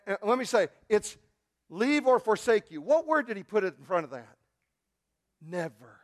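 A male pastor preaching a sermon, telling a story and swinging from quiet, intimate asides to loud, shouted peaks. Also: sits high, very animated, normal speed.

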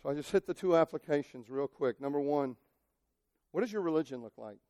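A male pastor preaching a sermon, impassioned, moving from shouted cries to near-quiet asides. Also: a little high, lively intonation, brisk, no echo, studio quality.

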